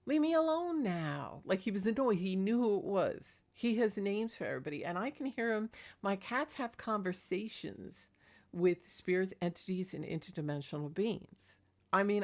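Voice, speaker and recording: A woman talking casually in a rambling, chatty vlog about her paranormal experiences, laughing between thoughts. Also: lowish voice. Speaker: paranormal vlogger.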